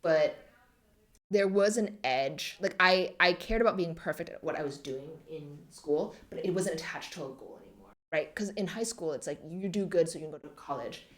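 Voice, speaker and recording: A woman in her twenties, a podcast guest, talking reflectively and softly with many fillers. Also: on the low side, normal speed. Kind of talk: podcast interview.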